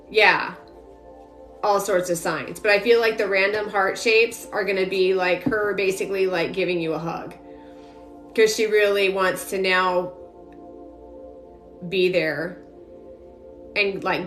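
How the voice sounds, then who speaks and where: A woman's voice: mid-range voice, steady tone, slow, pauses often, a bit bright. Chatty woman medium in an echoey room. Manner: rambling, heavy use of filler words. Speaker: psychic medium. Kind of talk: live-stream reading. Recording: roomy echo, faint music behind.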